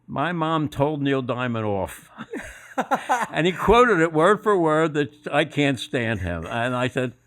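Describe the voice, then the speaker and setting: An older man, a guest on a podcast, telling anecdotes in a casual, animated way and laughing at his own stories. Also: a little high, slow pace. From Philadelphia area. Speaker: guest, former sports executive. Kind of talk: casual storytelling interview.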